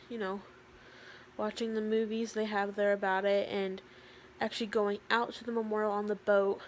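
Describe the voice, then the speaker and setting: A teenage girl talking to camera in a casual vlog, rambling with lots of fillers and sometimes dropping to a soft, quiet voice. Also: mid-range voice, a little hiss or hum. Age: teens. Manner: chatty, rambling, with many fillers. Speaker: vlogger.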